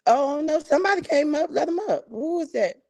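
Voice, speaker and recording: A woman's voice: sits high, animated, a little fast, dark tone. A woman, co-hosting a casual chat with giggly, reactive remarks. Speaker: co-host.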